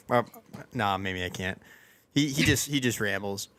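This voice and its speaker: A man's voice: on the low side, animated, unhurried, a bit bright. A young man hosting a podcast in casual chat, talking in a rambling, self-deprecating way with lots of fillers and restarts. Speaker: podcast host.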